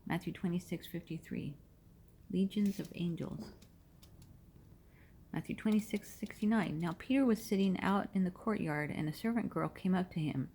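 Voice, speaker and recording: Woman scripture reader, lower voice, reads references aloud, restarts lines. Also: normal speed, warm tone, slight background noise. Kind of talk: scripture reading.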